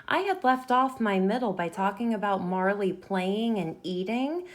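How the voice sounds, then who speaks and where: A woman's voice: mid-range voice, lively intonation. A woman teacher modeling a writing lesson for young students, talking through each step as she writes and sounding words out. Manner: slow, deliberate, sounding words out while writing.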